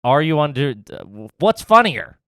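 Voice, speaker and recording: A man's voice: a little high, very animated, a little slow, vocal fry, bright, forceful tone, dry recording, clean studio sound. A man hosting a podcast in casual comedy chat, teasing, swearing freely and laughing often. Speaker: podcast host.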